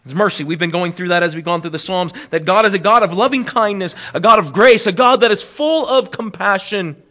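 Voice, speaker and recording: High-voiced man preaching with wide swings. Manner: preaching with wide swings in pitch and loudness, slowing on key phrases. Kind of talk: expository sermon.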